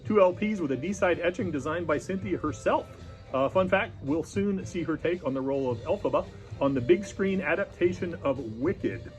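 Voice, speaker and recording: A man's voice: on the high side, normal speed, faint music behind. Jokey man hosting a record rundown. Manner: jokey, slips into mock accents. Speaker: record store co-host. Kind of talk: casual new-release rundown.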